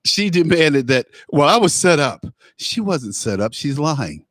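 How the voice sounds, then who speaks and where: A man's voice: on the high side, very animated, a little slow, fairly bright tone, no echo. A man hosting a call-in talk radio show, blunt and mocking, often stumbling and repeating words.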